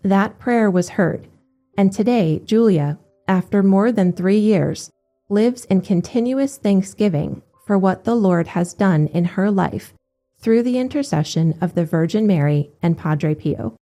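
A woman giving a steady, measured scripted narration of religious accounts. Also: medium pitch, soft background music.

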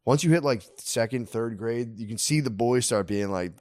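A man in his thirties trading jokes as a podcast co-host, loose and profane, tossing off quick impressions between thoughts. His voice sits at a middling pitch. The sound is dry and close, with no room echo. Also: darkish tone. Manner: laid-back, profane, joking, acts out quick voices. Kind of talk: casual chat.

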